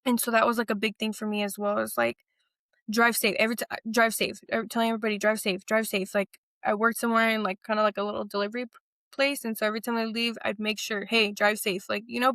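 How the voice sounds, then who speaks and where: A young adult woman, an interview guest, telling stories in a lively casual way and acting out what people said. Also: on the high side, no echo, clean studio sound. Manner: animated, acts out quotes with laughs.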